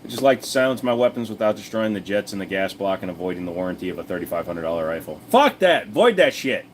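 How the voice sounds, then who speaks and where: Low-voiced, blunt, cussing man chatting. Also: fairly even intonation, rapid-fire, slight background noise. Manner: blunt, profane, rambling with fillers; chatty, talks straight to viewers. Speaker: livestream host answering chat. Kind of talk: casual livestream chat.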